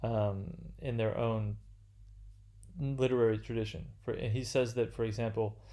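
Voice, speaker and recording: A man giving an unscripted literature lecture, halting and full of fillers and restarts. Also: on the low side, steady tone, dark tone, highs cut off.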